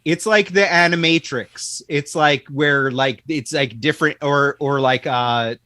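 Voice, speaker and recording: Man, podcast host, casual chat, slightly high pitch, dry close sound. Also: measured pace, bright, forceful tone, no room sound. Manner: chatty, fills with "like".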